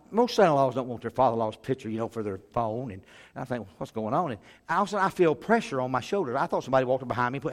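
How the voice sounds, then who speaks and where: A middle-aged man preaching, telling funny stories in an animated way and often chuckling and clearing his throat. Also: mid-range voice. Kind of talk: humorous sermon storytelling.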